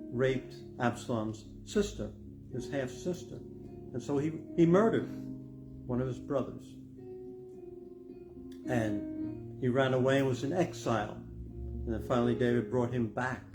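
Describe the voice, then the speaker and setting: An older man, a pastor, preaching a sermon in an earnest, reflective way that builds to emphatic stress. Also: mid-range voice. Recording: music playing behind the voice. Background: guitar music.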